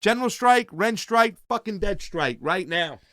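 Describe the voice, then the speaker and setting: Forties male co-host with a bright, tense edge, swearing and joking through a casual live show. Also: sits high, animated, moderate pace, dry recording, studio quality. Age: 40s. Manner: profane, jokey, riffing on viewer comments. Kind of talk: casual political chat show.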